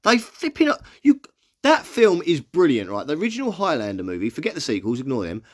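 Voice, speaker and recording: A man chatting casually as he reads out film listings and gives his quick opinion on each. His voice is lively, swinging up and down in pitch as he talks. He stumbles a little when reading text aloud, then carries on in an easy, conversational way. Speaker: movie vlogger. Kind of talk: casual reaction commentary.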